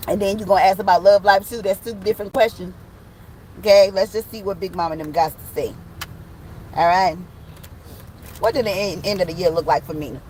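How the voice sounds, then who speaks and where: A woman's voice: medium pitch, steady tone, brisk, pauses often, a little mellow, a little hiss or hum, low-quality recording. A woman giving a casual online tarot reading from a truck, slangy and profane, joking and acting out little scenes. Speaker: tarot reader. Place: in a parked truck with the window open.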